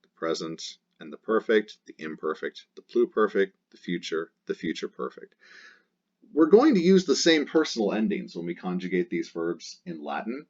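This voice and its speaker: A man's voice: sits low, big pitch swings, moderate pace, a little mellow. A man teaching a grammar lesson, explaining step by step and drilling endings aloud in rhythmic lists. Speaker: Latin teacher. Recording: dull lo-fi recording.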